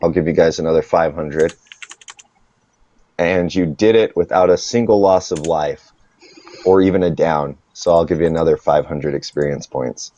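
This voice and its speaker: A man running a tabletop game as game master, unhurried as he narrates and tallies rules and experience points. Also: a bass voice, fairly even intonation, warm tone. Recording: dull lo-fi dry sound.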